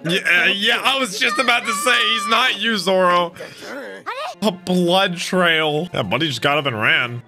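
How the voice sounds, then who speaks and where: A young man reacting to an anime episode as host, excitable, exclaiming and laughing often, with the show's music playing behind him. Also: sits high, measured pace. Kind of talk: live reaction commentary. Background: anime episode audio with music.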